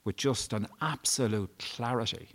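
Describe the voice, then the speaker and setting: A man's voice: medium pitch, normal speed, fairly bright tone. A man, a guest at a live event, candidly and emotionally telling a personal story and swearing freely. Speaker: interview guest. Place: live event before an audience.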